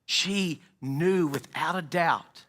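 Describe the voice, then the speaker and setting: A male pastor preaching a sermon in a conversational, emphatic storytelling way, swinging from loud to soft, in a church sanctuary. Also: a little high, slow.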